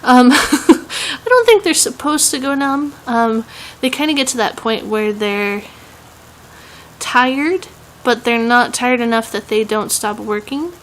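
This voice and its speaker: A woman's voice: a little high, lively intonation, takes it slowly, a bit bright, a little hiss or hum, poor audio. Chatty Southern young woman vlogger. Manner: chatty and rambling, many "um"s and laughs. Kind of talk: casual vlog chat.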